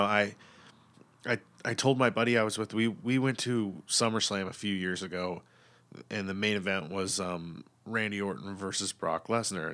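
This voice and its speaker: A man's voice: on the low side, sharp tone. A man chatting casually and at length, blunt and opinionated, swearing freely and rambling with lots of fillers and restarts.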